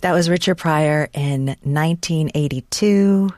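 Woman interviewer, deep-ish voice, calm, dry sound. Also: a little slow, no echo. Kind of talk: interview questions.

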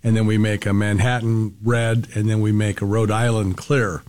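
Low-voiced man explaining calmly. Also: moderate pace. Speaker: restaurant owner guest. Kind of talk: casual radio interview.

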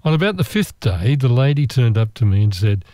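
An Australian man telling a travel story in a relaxed, meandering, chatty way, with asides and restarts. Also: mid-range voice, a little fast, dry recording. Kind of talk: relaxed travel anecdote monologue.

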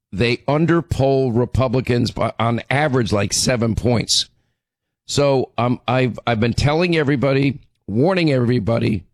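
A hoarse, middle-aged man delivers a talk radio monologue, pressing each point hard and stumbling over repeated words as he restarts his sentences. His voice sits at an ordinary pitch, and the sound is close and dry, with no room around it. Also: dry recording. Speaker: radio talk show host.

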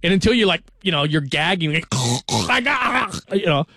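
A man's voice: on the high side, fast talker, fairly bright tone, dry recording. A man in his forties hosting a sports radio show, telling joking stories in a chatty, casual way. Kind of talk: casual talk radio monologue.

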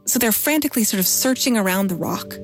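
Woman host, eager and chatty, music bed clearly under her voice. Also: mid-range voice, expressive, fast talker. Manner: eager, chatty, many fillers. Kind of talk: podcast narration and interview.

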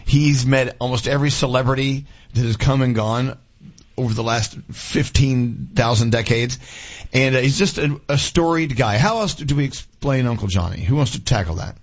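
A man's voice: mid-range voice, moderate pace, lo-fi sound. A middle-aged man hosting a radio morning show, chatting and telling stories with easy laughs. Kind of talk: casual radio talk.

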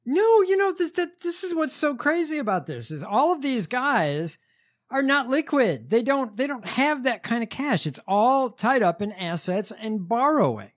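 A man co-hosting a podcast, telling stories in a relaxed, sarcastic way with lots of fillers. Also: very high voice, normal speed. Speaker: podcast co-host. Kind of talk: casual chat.

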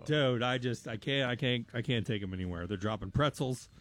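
A man co-hosting a casual chat, an exasperated dad telling animated ranting stories. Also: mid-range voice, brisk. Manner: animated, exasperated, swings loud and soft. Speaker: podcast co-host and dad.

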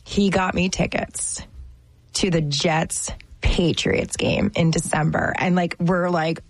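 A woman from New Jersey co-hosting a casual chat, talking in a chatty, animated way full of fillers. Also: fairly low pitch, takes it slowly, vocal fry, dry recording.

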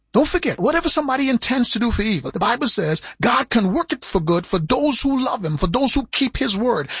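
A man preaching a sermon, with big swings in pitch and emphasis as he makes his points. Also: gravelly, bright, forceful tone, breathy edge, no room sound.

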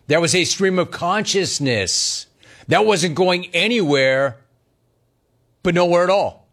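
A man's voice: fairly high pitch, animated, normal speed, fairly bright tone. A middle-aged man hosting a radio call-in show, teasing callers and riffing on their words. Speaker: sports radio host.

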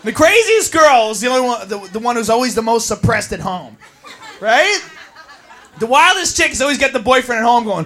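A woman doing a stand-up comedy routine, loud and profane, acting out shrieking party girls. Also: fairly high pitch, sing-song, brisk, slight background noise.

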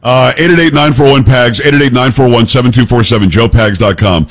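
A man hosting a talk radio show, chatting casually in a jokey, animated way with his co-hosts. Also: brisk, rough recording. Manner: animated, jokey, pitch jumps for emphasis.

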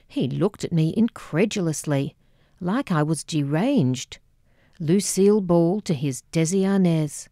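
A woman narrating her own memoir as an audiobook, measured and wry. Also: lowish voice, animated, mellow, no room sound, clean studio sound.

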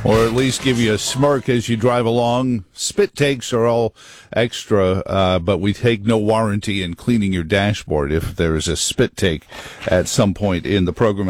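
Wry talk radio host, dry close mic. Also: male voice, lowish voice, dry recording. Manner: wry, joking asides. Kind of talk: conservative talk radio monologue. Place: radio studio.

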